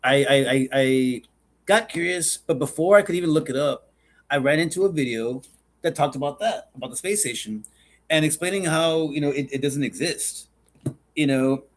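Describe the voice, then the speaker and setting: Podcast co-host, man, high-pitched, stammering and profane, ranting in casual chat. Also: normal speed. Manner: rambling, stammering restarts, swears a lot, gets worked up.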